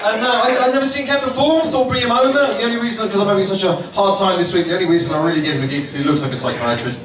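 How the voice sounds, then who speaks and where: A man's voice: high-pitched, very fast. A man compering a comedy night, introducing the acts and rallying the crowd in an upbeat way. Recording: echoey club, distant mic. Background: loud crowd.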